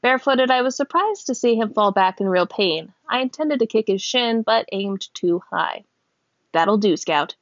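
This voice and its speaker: Woman reading a novel aloud, gravelly. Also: expressive, normal speed, hardly any pauses, no room sound. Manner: voices characters with small pitch lifts; stops to check a word's pronunciation and laughs. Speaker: reader. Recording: dull, dry close recording.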